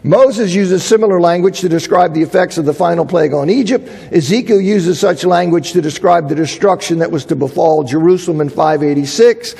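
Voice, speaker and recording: A high-pitched man gives a Bible lecture with a gravelly, husky edge to his voice. He leans on repetition for emphasis, and his words ring with the long echo of a large hall. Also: brisk, few pauses, darkish tone. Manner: emphatic, repeats phrases for emphasis. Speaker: Bible teacher.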